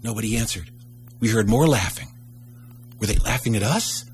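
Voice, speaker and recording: A man's voice: on the low side, animated, moderate pace, over music. A man telling a childhood story in a live storytelling performance, acting out the characters with raised voices.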